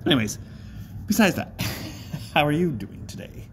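A man's voice: fairly high pitch, big pitch swings, normal speed, a little hiss or hum. A man rambling in a casual vlog, chatty and self-mocking, often breaking into laughter. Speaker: vlogger. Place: outdoors by a bridge.

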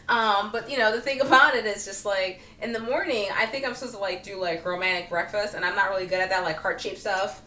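A woman vlogger talking casually and comically to the camera, chatty and animated with many fillers and frequent laughter. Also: mid-range voice, quick pace, a little hiss or hum. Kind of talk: casual comedic monologue to camera. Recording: roomy echo, speaking from a distance.

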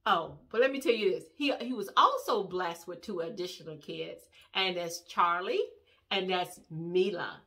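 A middle-aged woman chats to camera in a loose, wandering storytelling voice. Her tone is bright and pushed forward, sitting a little low for a woman. She rambles happily, restarting sentences as she goes. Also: normal speed. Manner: animated, rambling, acts out quoted voices. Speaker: vlogger.

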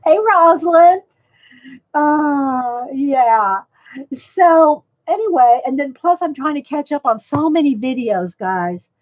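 A high-pitched woman with a drawl chats loosely through her livestream, wandering between tips and greetings to viewers by name. The sound is a little dull and lo-fi. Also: lively intonation, slow pace. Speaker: livestream host. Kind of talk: casual livestream chat.

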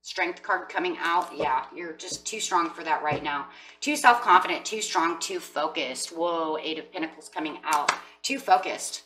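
A woman's voice: low voice, normal speed, pushed and bright, distant mic, a little hiss or hum, low-quality recording. A woman giving a chatty tarot reading, acting out what people might say. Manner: chatty, acts out quoted voices with emphasis. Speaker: tarot reader.

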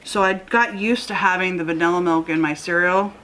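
A woman's voice: on the low side, fairly quick, fairly bright tone, a little hiss or hum, low-quality recording. Sleepy woman chatting over breakfast. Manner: chatty, rambling with fillers. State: just woken up, yawning. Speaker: mukbang host. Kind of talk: casual chat to camera while eating. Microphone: camera mic.

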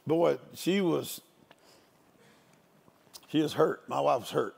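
A man's voice: on the high side, animated, takes it slowly, creaky, a little mellow, husky. An older man, a guest preacher, giving a storytelling sermon in a folksy, joking country manner.

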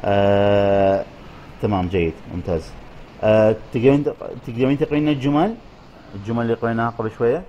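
Male English teacher, rapid talker who code-switches and repeats himself, online class. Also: on the low side, warm tone, dull audio, a little hiss or hum. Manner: mixes English and Arabic, repeats prompts.

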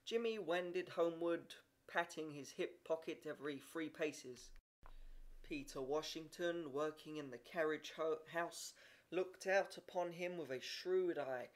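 Man, amateur audiobook reading, fairly high voice, steady pace with small slips. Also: a little slow. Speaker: reader.

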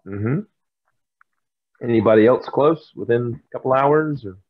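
Folksy Southern co-host, lo-fi sound. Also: male voice, medium pitch, unhurried. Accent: Southern American. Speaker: podcast co-host. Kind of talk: casual chat. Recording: dull lo-fi sound.

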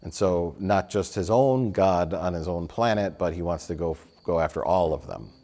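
Deep-voiced man rambling about films. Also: expressive, normal speed, mellow. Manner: rambling, lots of fillers, swears. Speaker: film reviewer, co-host. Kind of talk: casual chat.

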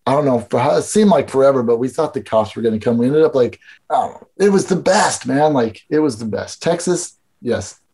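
A man's voice: medium pitch, expressive, fairly quick, darkish tone, husky. A man from Illinois, a podcast guest and skatepark builder, telling stories in rambling, profane casual chat full of filler words. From Illinois, USA.

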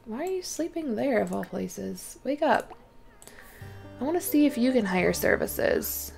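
A woman's voice: on the high side, very animated, measured pace, vocal fry, a little mellow, faint music behind. A woman hosting a let's play, chatting casually through her gameplay, often exclaiming and talking to the characters on screen.

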